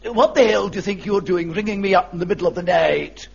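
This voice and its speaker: An actor playing a gruff, pompous knight, curt and blustering, with a raspy, gravelly voice in a vintage radio comedy. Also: male voice, sits high, quick pace, exaggerated voice. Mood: irritable. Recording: dull lo-fi archive radio recording.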